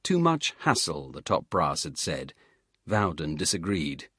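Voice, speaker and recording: A man narrating an audiobook thriller in a measured, steady reading. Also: very deep voice, breathy edge, no echo, studio quality. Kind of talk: scripted narration.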